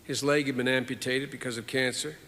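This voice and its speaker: A man in his sixties giving a formal eulogy in a measured, earnest way with repeated phrases, in a large hall at a funeral. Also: medium pitch, steady tone, bright, forceful tone. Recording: reverberant hall.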